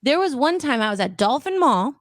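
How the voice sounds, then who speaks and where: Lively high-voiced American woman chatting. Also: brisk, crowd noise. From Minnesota, USA. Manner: animated storyteller, switching into Spanish. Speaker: Spanish-language radio host. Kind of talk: casual podcast chat.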